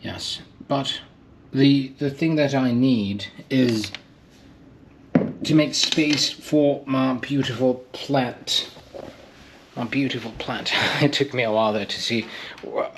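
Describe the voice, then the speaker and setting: A man's voice: medium pitch, normal speed, noisy background. A man, an actor, vlogging in a casual way, thinking aloud and trailing off between thoughts. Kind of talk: casual vlog self-talk. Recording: loud background music.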